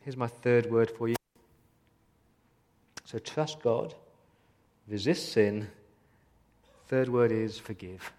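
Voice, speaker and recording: A man's voice: mid-range voice, takes it slowly, pauses often, darkish tone. A man preaching a sermon as a pastor, earnest and pleading, asking many questions of his listeners. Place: church hall. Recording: long hall reverb.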